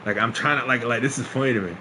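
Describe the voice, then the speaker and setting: A young man casually telling a story to his stream, swearing, laughing often and acting out quotes loudly. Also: mid-range voice, very fast, background noise.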